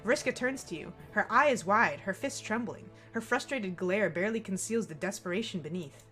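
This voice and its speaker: Animated woman reading a game aloud. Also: mid-range voice, moderate pace, husky, faint music behind. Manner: animated, laughing asides. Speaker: let's play streamer. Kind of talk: reading a visual novel aloud with commentary.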